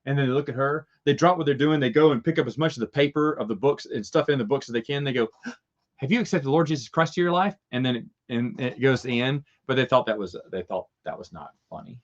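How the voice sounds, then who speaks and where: A man's voice: mid-range voice, fast talker, few pauses, muffled recording. A man hosting a casual Q&A chat, rambling through stories and chuckling at his own jokes. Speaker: host answering viewer questions.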